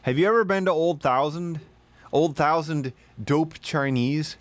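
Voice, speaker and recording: A man streaming live, telling rambling, profane stories in casual chat and now and then bursting into shouted put-on voices. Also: on the high side, unhurried, no room sound.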